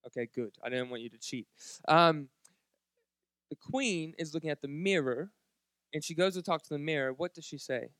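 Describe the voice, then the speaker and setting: High-voiced joking male preacher. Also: normal speed, a bit bright, no room sound, studio quality. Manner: jokey, chatty, talks straight to the congregation. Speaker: pastor. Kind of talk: sermon. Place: church service before a live congregation.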